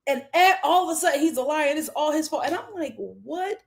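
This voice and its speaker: A woman hosting a live reality TV recap, animated and exclamatory, laughing often. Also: high voice, fast talker. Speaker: reality show recap host.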